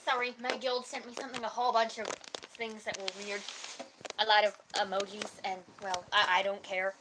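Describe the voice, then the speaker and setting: A woman's voice: mid-range voice, level tone, background noise. A woman, joking around playfully in a casual chat at home. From Canada. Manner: playful, joking, quick to laugh. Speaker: guest on a livestream chat.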